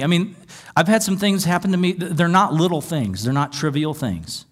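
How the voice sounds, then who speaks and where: A man's voice: on the high side, normal speed. A man preaching a sermon as pastor, reading scripture aloud and explaining it conversationally with wry asides.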